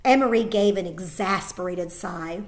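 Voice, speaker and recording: A woman teacher reading a children's novel aloud to her class, expressive and with small slips. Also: fairly low pitch, moderate pace.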